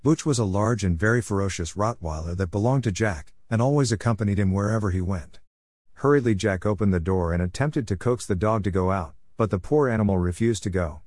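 A man reading a ghost story aloud in a measured, solemn narration style. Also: fairly low pitch, darkish tone, no echo. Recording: dry close recording.

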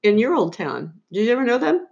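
A woman's voice: fairly high pitch, sing-song, fairly quick, creaky, a little mellow. A middle-aged woman co-hosting a podcast, telling family stories in a casual chat with dry, wry humor. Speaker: podcast co-host. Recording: slightly dull, lo-fi recording.

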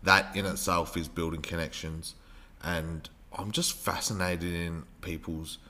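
A man who hosts a podcast and also teaches talks casually and loosely, in a relaxed, rambling way, often searching for words as he goes. His voice sits low and his pace is unhurried.

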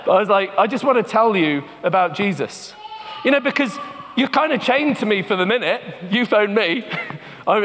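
A man preaching a sermon as a pastor, telling stories in a conversational way and slowing down for scripture and reflection. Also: high voice, fairly bright tone, a little hiss or hum. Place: church. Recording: long church reverb.

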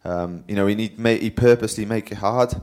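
This young man from Wales, a pro cyclist, talks a little fast in a fairly low, darkish voice. As a live-talk guest, he tells casual stories in a rambling, self-deprecating way.

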